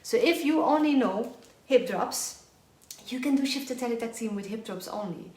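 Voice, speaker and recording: Speaking at normal speed in a fairly high voice, a woman leads a live online belly dance class with lots of energy. She counts and sings the rhythms while dancing, drifting toward and away from the mic, in an echoey room where faint music plays.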